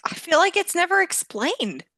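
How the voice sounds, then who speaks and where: A woman's voice: very high voice, very animated, moderate pace, sharp tone, no echo. A woman co-hosting a casual book-club podcast, laughing often as she talks. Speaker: podcast co-host.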